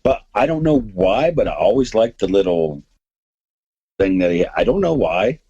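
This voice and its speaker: A man's voice: lowish voice, sing-song, normal speed, mellow, breathy edge, dull audio. A man hosting a podcast, chatting casually and rambling enthusiastically about comics and movies. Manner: rambling, enthusiastic, many restarts. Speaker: podcast host.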